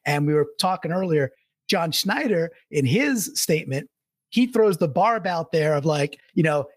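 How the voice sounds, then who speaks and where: A man's voice: a little high, lively intonation, normal speed, dry recording, clean studio sound. A man co-hosting a casual sports talk show, rambling and laughing as he talks. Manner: rambling, restarts, laughs while talking. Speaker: sports podcast co-host.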